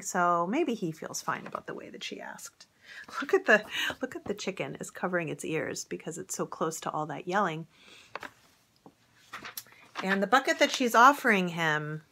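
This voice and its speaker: Gentle woman reading a picture book to kids. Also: mid-range voice. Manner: gentle, chatty, talks straight to young listeners. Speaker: storybook reader.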